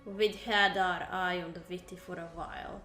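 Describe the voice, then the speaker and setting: A boastful female spy, as a woman reads her lines aloud. She sounds defensive and proud, in a fairly low voice. The room is echoey and music plays underneath. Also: fairly even intonation, moderate pace, bright, forceful tone. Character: cocky female spy agent with an accent.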